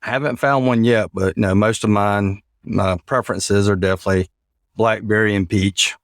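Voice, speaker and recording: A middle-aged man with a Southern US accent, chatting as a guest in a relaxed, chuckling, self-deprecating way. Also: fairly low pitch, moderate pace, no room sound. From Georgia, US. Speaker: guest, psychology professor. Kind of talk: casual interview chat. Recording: dry, close sound.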